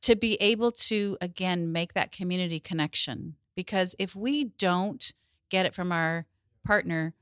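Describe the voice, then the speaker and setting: A woman psychologist, a guest on a podcast, giving advice in a warm, encouraging and measured way. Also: fairly low pitch, no room sound, clean studio sound. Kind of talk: advice in conversation.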